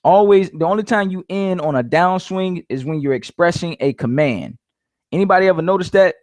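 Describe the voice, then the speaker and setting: A man's voice: high voice, brisk, a little mellow, no echo. A man giving casual sales coaching, repeating his points emphatically and calling his listeners "guys". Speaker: network marketing coach.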